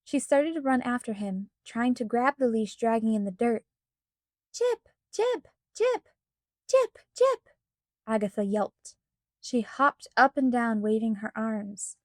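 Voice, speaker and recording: A woman narrating a children's storybook with expressive, even storytelling. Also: fairly high pitch, moderate pace, no echo, studio quality. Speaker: audiobook narrator.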